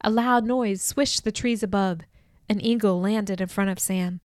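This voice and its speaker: A woman narrating a novel in the first person, telling it at a measured pace and lifting her voice for dialogue. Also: mid-range voice, darkish tone, dry recording, studio quality. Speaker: audiobook narrator.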